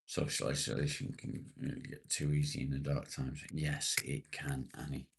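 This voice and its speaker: A man with a British accent, hosting a casual live stream and chatting with viewers. He reads their comments aloud, relaxed and conversational, with casual swearing. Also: extremely low pitch, moderate pace, vocal fry.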